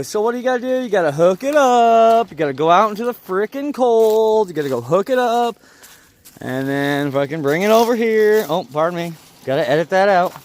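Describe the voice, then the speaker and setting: A man vlogging outdoors in the cold beside his car, rambling and joking to himself as he works. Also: high-pitched. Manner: rambling, jokey and self-talking. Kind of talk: casual vlog.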